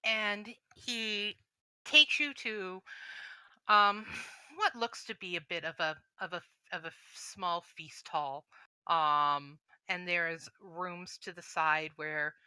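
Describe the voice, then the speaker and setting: A woman narrating as game master, describing scenes with frequent pauses. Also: on the low side, sharp tone, clean tone, dry recording, poor audio. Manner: descriptive, hesitant with fillers.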